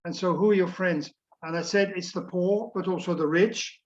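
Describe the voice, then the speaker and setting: Older bishop guy, kinda high voice, slow thoughtful answers, lots of uhs, muffled call audio. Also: steady tone. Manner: reflective, hesitant, many uhs and ums. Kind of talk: answering questions on a video call. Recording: dull lo-fi video-call audio.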